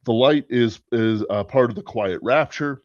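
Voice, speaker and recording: A man with a mid-range, slightly mellow voice hosts a podcast at a normal speed, riffing casually and swearing from time to time. The recording sounds dull and lo-fi, with a dry quality.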